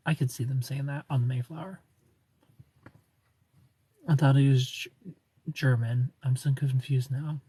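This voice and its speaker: A man's voice: medium pitch, steady tone, a little slow, long pauses, mellow, breathy edge. A tired man chatting casually on a live stream, rambling, joking and greeting viewers by name.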